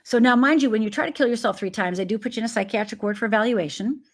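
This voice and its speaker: Her voice sits a little high, and she races along. The speaker is a woman from Upper Michigan, USA, a guest life coach telling her personal story in an interview and vividly acting out the quoted voices of its characters.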